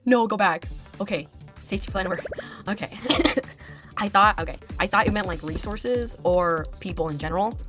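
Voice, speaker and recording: A woman's voice: mid-range voice, moderate pace, a bit bright, soft background music. Chatty young woman playing a game. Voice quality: chatty, giggly, many fillers like "like" and "bro". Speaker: gamer. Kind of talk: let's-play commentary, reading game text aloud.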